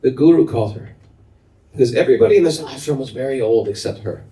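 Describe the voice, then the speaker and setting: Male spiritual teacher, playful storyteller with a lively delivery. Echoey room, distant mic. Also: medium pitch, fast. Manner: animated and humorous, laughing often. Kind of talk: storytelling talk. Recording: roomy, from a distance.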